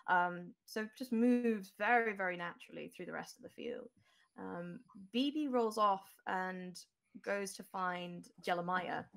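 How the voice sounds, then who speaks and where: A woman's voice: lowish voice, a little slow, creaky, fairly bright tone. A woman game master narrating an online tabletop game in a loose, descriptive way, thinking aloud as she goes.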